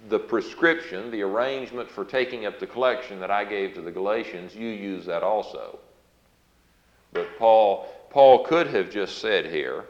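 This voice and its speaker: A man preaching an earnest, explanatory Bible sermon, reading scripture aloud with emphasis. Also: fairly low pitch. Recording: roomy, dull lo-fi recording.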